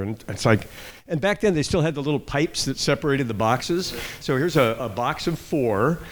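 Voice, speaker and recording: A man in his sixties, a retired radio news anchor, telling humorous stories with asides and self-corrections into a handheld microphone at an indoor party. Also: mid-range voice. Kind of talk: casual anecdotal speech at a party.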